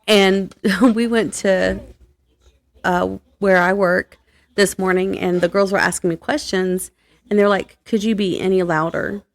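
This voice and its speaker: A woman co-hosting a relaxed book podcast at a middle pitch. She talks loudly and laughs often, working through her thoughts with plenty of pauses. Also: creaky. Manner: loud, laughs a lot, hesitant with fillers. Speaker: podcast co-host. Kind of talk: casual chat.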